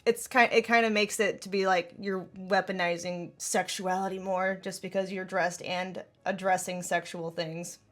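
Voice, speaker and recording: A woman's voice: lowish voice, flat delivery, normal speed, hardly any pauses, fairly bright tone. A woman in casual podcast chat, rambling and filling her talk with "like". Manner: filler-heavy, rambling with frequent "like".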